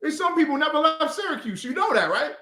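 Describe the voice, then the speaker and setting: A man runs an informal scripture class, mocking what he reads with loose slang and a lively, sharply rising and falling delivery. His voice sits high and bright. The room around him is echoey. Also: quick pace. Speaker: class leader.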